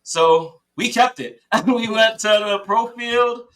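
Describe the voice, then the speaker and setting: A man tells a long story on a podcast in a casual, excited way. His voice is bright and sits a little high, and he often stops and restarts his sentences. He breaks into laughs and quick impressions of his teammates as he goes. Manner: quotes teammates in lively voices. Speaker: podcast guest, paintball player.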